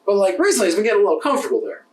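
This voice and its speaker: A New bartender tells stories fast and in a high voice, acting out every back-and-forth and swearing freely. His voice sounds roomy and distant, as if he sits back from the mic. The chat is loose and casual. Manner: animated storyteller, acts out quoted exchanges, swears freely. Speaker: podcast co-host.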